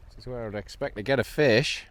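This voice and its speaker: A man's voice: mid-range voice, brisk, a bit bright. A middle-aged man with a Geordie accent, cheerfully narrating his own sea fishing from a kayak in casual commentary. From North East England. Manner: cheerful, chatty, breaks into laughs and exclamations. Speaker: kayak angler and channel host.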